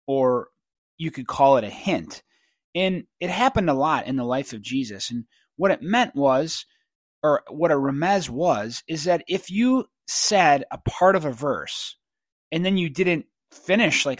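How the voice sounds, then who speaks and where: A man's voice: a little high, dry recording. A man giving an informal Bible teaching as a pastor, earnest and conversational, growing emphatic.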